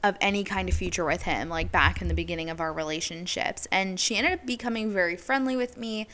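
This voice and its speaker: A woman's voice: lowish voice, brisk, a bit bright, a little hiss or hum. A young adult woman hosting a podcast, telling a personal story in a candid, casual way with lots of "like". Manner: candid, chatty, heavy use of "like". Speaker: podcast host.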